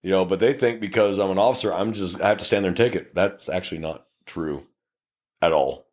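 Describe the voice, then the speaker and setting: Blunt, profane Texan cop storyteller. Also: male voice, sits low. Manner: blunt, profane, animated, acts out both sides of traffic stops in quick voices. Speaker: podcast co-host, police officer. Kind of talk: casual storytelling chat.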